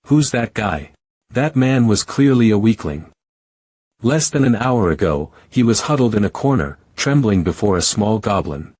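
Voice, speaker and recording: A man giving a first-person story recap narration in a steady, even reading. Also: on the low side, moderate pace, husky, no echo.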